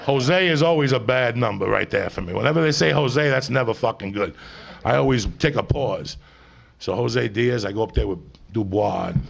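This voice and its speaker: A middle-aged male comedian with a heavily gravelly voice and a husky, rough edge to it. He rambles through a confessional story on stage, swearing constantly and talking straight to the crowd. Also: mid-range voice, sing-song, a little fast. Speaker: stand-up comedian. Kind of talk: stand-up storytelling.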